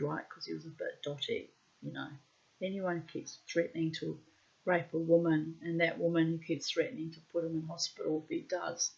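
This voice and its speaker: A middle-aged woman telling a personal story in a blunt, salty way, swearing freely and loudly acting out what people said. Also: lowish voice, creaky. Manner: animated, acts out quotes loudly. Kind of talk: personal anecdote monologue. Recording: muffled lo-fi recording.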